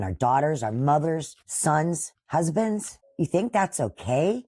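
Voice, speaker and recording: A woman's voice: a bass voice, warm tone, slightly rough, no echo. A woman in her sixties hosting a podcast, delivering a combative political commentary monologue and scolding opponents directly. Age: 60s. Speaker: podcast host.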